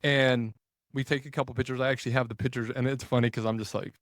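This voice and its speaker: A man, a podcast guest, telling a story in a casual, animated way, full of "like" and scenes he acts out. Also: medium pitch, fast, no room sound, clean studio sound. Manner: animated, retells scenes with quoted dialogue and filler "like".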